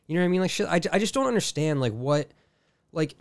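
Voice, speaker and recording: A man's voice: fairly high pitch, very animated, quick pace, gravelly, dry recording, studio quality. A man co-hosting a casual podcast, exasperated and rambling, restarting sentences and swearing often. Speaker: podcast co-host.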